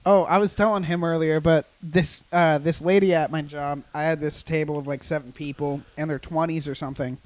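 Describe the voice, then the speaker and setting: A man with a noticeably high speaking voice hosting a laid-back podcast. He keeps the talk loose with teasing jokes and slangy banter. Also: fairly even intonation, brisk, hardly any pauses. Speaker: podcast host. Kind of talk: casual podcast chat.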